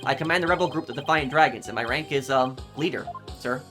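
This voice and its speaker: A woman voicing a laid-back young male rebel leader who speaks in a halting, unsure way. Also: a bass voice, music in the background. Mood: hesitant.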